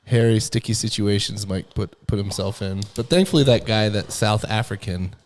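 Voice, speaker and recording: A man's voice: fairly low pitch, moderate pace, slight background noise. A man co-hosting a podcast who eagerly chimes in with comments and prompts during casual chat. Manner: eager, chiming in. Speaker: podcast co-host.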